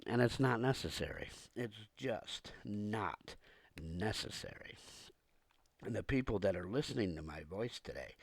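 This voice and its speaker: A man hosting a podcast, hoarse and coughing from a cold, ranting in a repetitive, aggrieved way with many pauses. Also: on the low side, no room sound. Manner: repetitive, aggrieved, pausing often. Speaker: podcast host. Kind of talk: ranting monologue to listeners.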